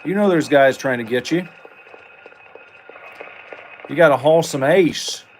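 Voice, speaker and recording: A man's voice: fairly high pitch, measured pace, a little hiss or hum, rough recording. Rambling, jokey gamer man. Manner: rambling, jokey, excitable outbursts. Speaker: gameplay streamer. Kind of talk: casual gameplay commentary.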